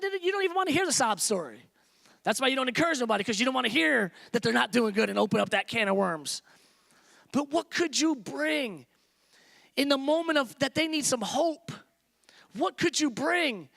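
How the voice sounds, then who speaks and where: Gravelly man preaching a sermon. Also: very high voice, lively intonation, normal speed, a bit bright. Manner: preaching with rising emphatic repetition. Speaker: pastor.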